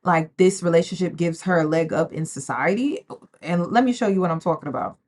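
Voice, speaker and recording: A woman's voice: lowish voice, fairly quick. Sassy woman reacting to a story. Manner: animated, sassy, talks straight to viewers. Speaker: commentary host. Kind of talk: casual reaction commentary.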